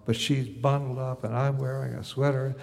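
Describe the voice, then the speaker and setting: A man's voice: mid-range voice, level tone, normal speed, gravelly, darkish tone, long reverb tail. An older man from the United States telling a wry, musing first-person story.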